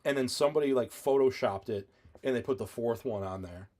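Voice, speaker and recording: A man co-hosting a podcast, telling stories in a casual, animated way, often laughing and swearing. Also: medium pitch, fairly quick. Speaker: podcast co-host. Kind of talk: casual chat.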